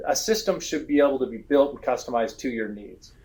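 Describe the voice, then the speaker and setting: A man talking shop as a guest in an interview, full of lively anecdotes. He jumps into quick impressions of worried customers and contractors while he makes his point. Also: medium pitch. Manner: animated storytelling, acts out customer voices. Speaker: guest, roofing software expert. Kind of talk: conversational business interview.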